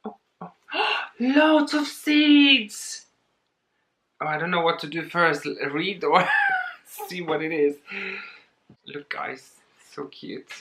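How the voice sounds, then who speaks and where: A woman talking casually in a home unboxing vlog, excitable and giggly, gushing over what she opens. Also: low voice, measured pace. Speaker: plant vlogger.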